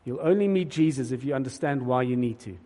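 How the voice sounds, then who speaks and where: A man's voice: medium pitch, animated, fast talker, mellow. A man preaching a sermon in an earnest, emphatic way, often repeating words as he starts a thought. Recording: long hall reverb.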